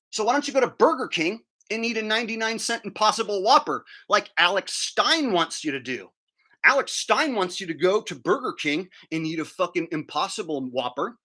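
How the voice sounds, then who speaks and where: A man's voice: high voice, lively intonation, a little fast, sharp tone. A man ranting crudely and combatively on a livestream, talking while eating. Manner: talks while chewing food. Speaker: streamer. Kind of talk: profane livestream rant.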